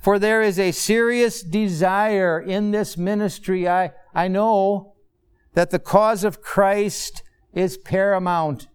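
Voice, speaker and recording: Male pastor, sermon, higher register, slow and measured, repeats key lines. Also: fairly even intonation, clean tone.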